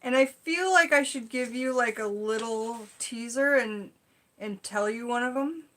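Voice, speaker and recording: A woman's voice: a little high, measured pace, fairly bright tone, slight background noise. A young woman in casual vlog chat, reading folk magic lore from a book and rambling off into chatty asides. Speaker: witchcraft vlogger.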